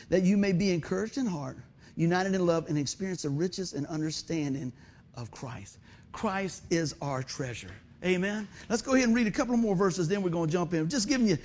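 A middle-aged man preaching a sermon, folksy and conversational, telling animated stories and joking with the congregation. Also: high-pitched. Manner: animated storytelling, acts out shouts and exclamations. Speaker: pastor.

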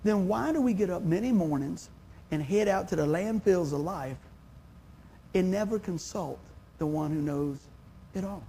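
A man's voice: sits high, expressive, normal speed, long pauses, dark tone, a little hiss or hum. A man, preaching a sermon in a folksy, conversational way. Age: 50s. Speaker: pastor.

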